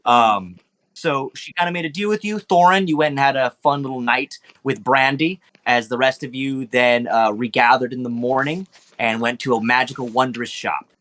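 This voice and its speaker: A dungeon master recaps last session for his players, loose and casual, with plenty of ums and swearing. His voice is medium in pitch, a bit bright, at a normal speed.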